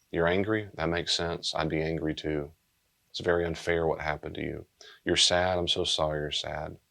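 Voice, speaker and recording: Low-voiced blunt pastor teaching. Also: male voice, fairly bright tone. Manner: conversational, blunt, acts out dialogue.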